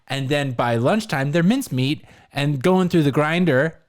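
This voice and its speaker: A man co-hosting a comedy podcast, his voice sitting a little high. He rattles off absurd invented facts with a straight face and stumbles through restarts. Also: moderate pace. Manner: deadpan absurd jokes, stammering restarts. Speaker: podcast co-host. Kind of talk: casual comedic banter.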